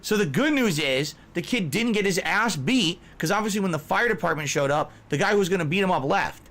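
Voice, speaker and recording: A man's voice: high voice, animated, brisk, fairly bright tone. A middle-aged man hosting a casual reaction stream, who tells stories, laughs often and reads out viewer messages. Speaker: streamer host.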